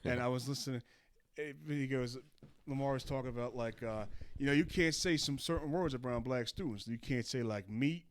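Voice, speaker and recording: A man's voice: mid-range voice, fairly quick, a little hiss or hum. A man co-hosting a comedy podcast, telling stories and swearing casually. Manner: storytelling, swearing, recounting others' words. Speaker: podcast co-host.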